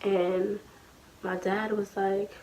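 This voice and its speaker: A young adult woman telling a childhood story in a casual vlog, animated and slangy, acting out what her family said. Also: medium pitch, drawn-out words, a little hiss or hum. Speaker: storytime vlogger.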